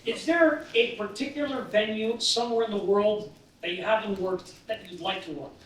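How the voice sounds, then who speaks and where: Brief: high-voiced male audience member, far off-mic in an echoey hall with faint room noise. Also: moderate pace, a bit bright. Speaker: audience member asking a question. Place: arena-style live show venue.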